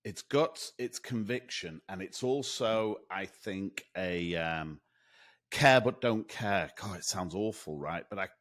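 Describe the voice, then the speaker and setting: A man co-hosting a sales podcast in casual chat, rambling and animated, with many restarts. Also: deep voice, slow pace. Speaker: podcast co-host.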